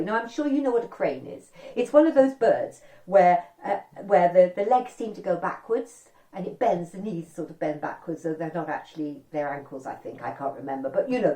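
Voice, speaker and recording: A woman telling an old folk tale to children in an animated, chatty way, with asides to her listeners. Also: lowish voice. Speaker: storyteller. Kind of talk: oral storytelling for children. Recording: echoey room, far from the mic.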